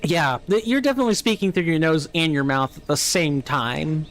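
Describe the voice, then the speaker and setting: A man's voice: a little high, a little fast, fairly bright tone, soft background music. A man with a General American accent, chatting casually with viewers while streaming a game, musing and answering chat aloud. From United States. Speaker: let's play streamer. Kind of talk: casual live gameplay chat.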